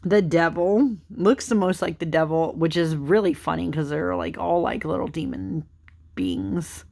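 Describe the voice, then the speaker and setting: A woman's voice: on the low side, a little slow, creaky, a little mellow. A young woman casually chatting through a deck of cards, rambling with lots of fillers, giggling, tired and yawning late at night. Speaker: tarot channel host. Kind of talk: casual chatty card flipthrough.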